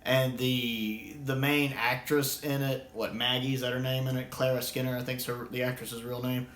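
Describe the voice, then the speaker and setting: An American man, a video reviewer, gives a casual spoken review that rambles, with frequent restarts and fillers. His voice is medium in pitch and fairly bright, with little pitch movement and a moderate pace. The room adds noticeable echo.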